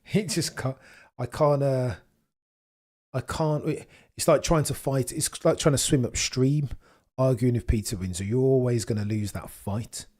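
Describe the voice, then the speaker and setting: A man's voice: mid-range voice, darkish tone. Tired, chatty man streaming. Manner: chatty, self-mocking, rambling with many restarts. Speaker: livestream host. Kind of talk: casual livestream chat to viewers.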